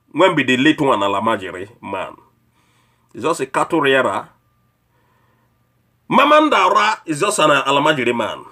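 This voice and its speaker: A man's voice: a little high, sharp tone. Scolding Nigerian Pidgin-speaking man. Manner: preachy, scolding, mocks with rhetorical questions. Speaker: online commentator. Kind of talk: political rant.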